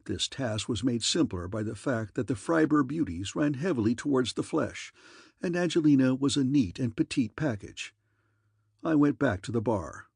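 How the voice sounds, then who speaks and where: A man's voice: mid-range voice, animated, moderate pace, creaky, a little mellow, slightly rough, dry recording, clean studio sound. A man reading an audiobook in wry, easygoing first-person narration.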